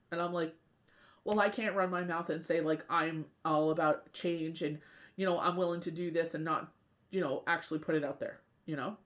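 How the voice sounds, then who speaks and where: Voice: mid-range voice, fairly even intonation, a little fast, fairly bright tone. A tarot reader and medium in a casual spiritual talk, rambling and often asking "you know what I mean".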